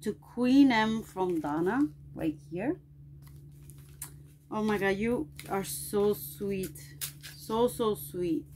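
A woman's voice: medium pitch, slow pace, long pauses, dark tone, slight background noise. A middle-aged woman vlogger opening packages and gushing her thanks in casual unboxing chat.

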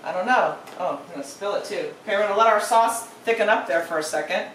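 A woman's voice: medium pitch, quick pace, hardly any pauses, fairly bright tone, reverberant, recorded from a distance, slight background noise, poor audio. A woman hosting a casual cooking demonstration, chatty and playful as she talks through each step. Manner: chatty and playful, narrates steps aloud. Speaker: cooking show host.

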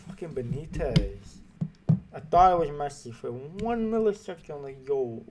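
A man commentating a game pack opening, frustrated and swearing, erupting into shouts now and then. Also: a little high, animated, a little slow, heavy background noise. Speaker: gaming YouTuber.

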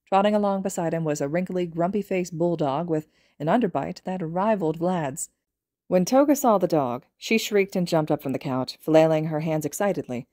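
A woman reading a fan fiction aloud as a podfic narrator, telling the story in a steady, even way. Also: lowish voice, normal speed, no echo, clean studio sound. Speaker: podfic reader.

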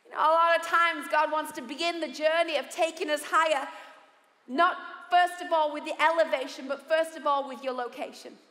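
Bright high-voiced woman preaching in a hall. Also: moderate pace. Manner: lively, humorous preaching that acts out quoted voices. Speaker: pastor. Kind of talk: sermon. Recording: echoey hall with long reverb.

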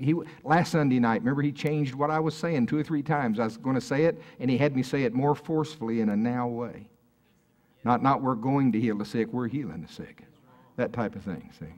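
A man preaching to a congregation in a loose, conversational way. He talks at a mid-range pitch and keeps turning to the room with questions. It is recorded at a live church service. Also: darkish tone. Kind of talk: sermon.

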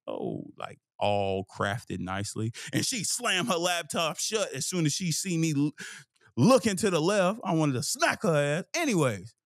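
Animated, profane young man telling stories. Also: medium pitch, dry recording, studio quality. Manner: animated and profane, acting out scenes and his own inner voice. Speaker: host. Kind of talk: casual storytelling monologue.

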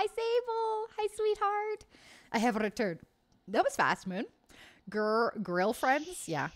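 Bubbly woman streamer, lively pitch. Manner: bubbly, swears freely, laughs often. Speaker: livestream host. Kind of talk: casual chat reading live comments.

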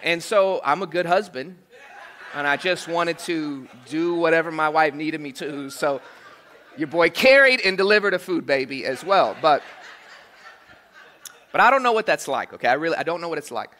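A male pastor preaching a sermon in a church, animated and joking, with frequent asides like "okay?" and "right?". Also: on the high side, normal speed. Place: church sanctuary.

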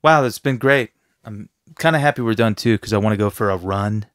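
A brash male fitness trainer in a casual podcast interview, talking in a crude, intense way. His voice is smooth and resonant, set a little low, and the close mic gives a dry sound with no room in it. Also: a little fast, fairly bright tone, dry recording.

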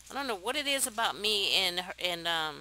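Bright, lively woman chatting over gameplay. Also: mid-range voice, fairly quick, poor audio. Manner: chatty, excitable, talks to viewers, laughs often. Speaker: let's play host. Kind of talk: casual gameplay commentary.

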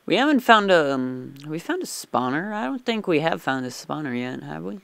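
A man's voice: on the high side, sing-song, fairly quick, creaky, fairly bright tone, clean tone, dry recording. A man giving rambling, chatty commentary while playing a game, easily startled. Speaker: let's play gamer. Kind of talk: casual gameplay commentary.

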